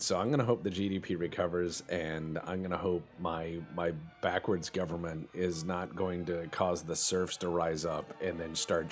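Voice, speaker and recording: A man chatting casually and rambling while commentating a strategy game, swearing now and then. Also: deep voice. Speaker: gaming channel host.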